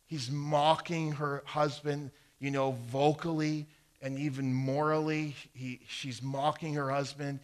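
A man delivers a sermon in a fairly high voice, flat and unhurried. Reading scripture aloud, he repeats phrases for emphasis while his volume climbs and drops.

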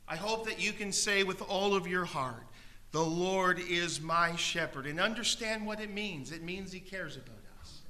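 A man preaching a sermon as pastor, his voice very bright and a touch higher than most men. He tells stories with gentle humor and pleads warmly with his listeners in the auditorium to raise a hand for prayer. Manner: storytelling with gentle humor, pleading altar call. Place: church auditorium.

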